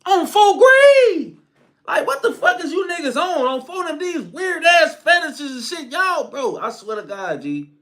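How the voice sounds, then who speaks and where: A young man giving a crude, animated solo commentary rant, laughing as he goes. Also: very high-pitched, moderate pace. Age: young adult.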